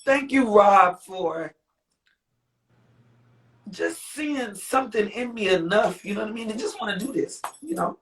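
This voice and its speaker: Speaking in an animated, mid-range voice at a measured pace with long pauses, a singer and author is a guest on a live interview. Her emotional livestream talk is heartfelt and meandering, with lots of repetition and exclamations.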